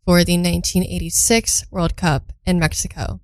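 Young woman radio DJ, slightly low voice, dry studio mic, rambling friendly links between tracks. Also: little pitch movement, moderate pace, hardly any pauses, darkish tone, dry recording, poor audio. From Belgium. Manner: chatty, thinks aloud, reads info for the first time. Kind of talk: casual radio chat between songs.

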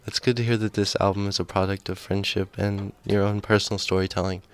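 A man's voice: fairly low pitch, level tone, fast, clean tone. A man hosting a casual radio interview, earnest and agreeable, with rambling questions. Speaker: radio host.

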